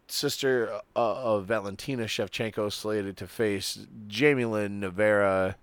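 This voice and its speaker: A man co-hosting a casual fight-talk podcast, his voice going hoarse, loose and profane, stumbling over names. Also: fairly low pitch, no room sound. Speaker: podcast co-host. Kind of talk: casual chat.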